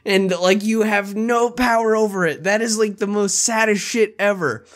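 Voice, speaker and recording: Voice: mid-range voice, moderate pace. A young adult YouTuber reading a translated light novel aloud in an earnest, emotional way, then reacting casually and swearing now and then.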